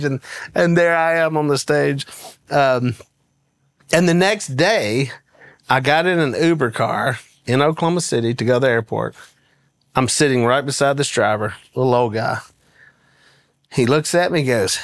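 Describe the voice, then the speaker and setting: A man's voice: medium pitch, lively intonation, normal speed, a bit bright, no echo. A man who is a guest on a talk show, telling a humorous story, acting out the quoted lines and laughing often. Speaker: interview guest. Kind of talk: humorous anecdote in conversation.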